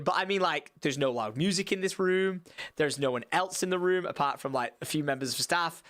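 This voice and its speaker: A young man chatting on a live stream. He tells an awkward story in an animated, rambling way, swearing freely and restarting his sentences. His voice sits a touch high for a man. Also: fairly quick.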